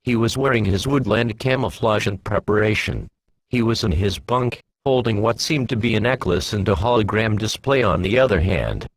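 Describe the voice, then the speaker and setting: A man narrating his own science-fiction fan story aloud in a plain, steady reading voice. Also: on the low side, moderate pace, no room sound, rough recording.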